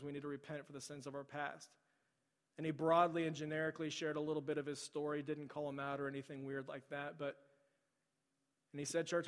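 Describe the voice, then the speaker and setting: A middle-aged male pastor preaching a sermon. He tells a story, then pleads softly with repeated phrases. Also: fairly high pitch. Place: large church sanctuary. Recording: long hall reverb.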